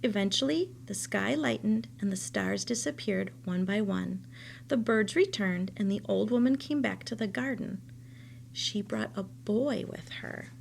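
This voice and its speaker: A woman teacher reading a children's novel aloud, telling the story in a steady, expressive way. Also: medium pitch, a little slow, creaky, a little hiss or hum.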